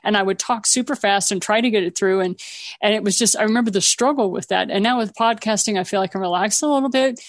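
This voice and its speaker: A middle-aged woman hosting an interview, chatty and quick to laugh. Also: mid-range voice. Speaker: podcast host. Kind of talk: casual interview chat.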